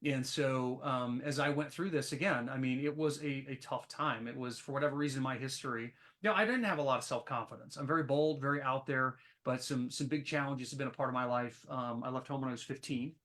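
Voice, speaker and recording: A man's voice: mid-range voice, fairly quick, hardly any pauses. A man who is a podcast guest, telling stories animatedly with plenty of ums and restarts. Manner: animated storyteller, many fillers. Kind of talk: casual podcast interview.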